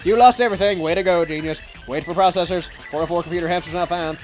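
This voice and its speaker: A man's voice: high-pitched, steady tone, quick pace, lightly acted, low-quality recording. A man playing a stiff robotic dragon guardian. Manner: stiff computer-like announcing. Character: booming robotic dragon guardian, stern and formal. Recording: game music behind.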